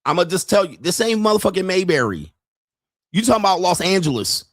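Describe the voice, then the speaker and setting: A man's voice: high voice, very animated, brisk, a bit bright, dry recording, clean studio sound. A man hosting a commentary show, reacting bluntly and mockingly with profanity and laughter. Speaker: podcast host.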